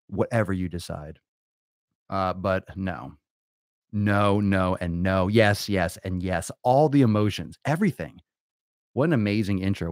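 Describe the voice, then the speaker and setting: Brash, swearing man with a low voice. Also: dry recording, studio quality. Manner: brash, crude and theatrical, swearing constantly; stretches words out for emphasis. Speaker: podcast host. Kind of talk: profane comedic podcast monologue.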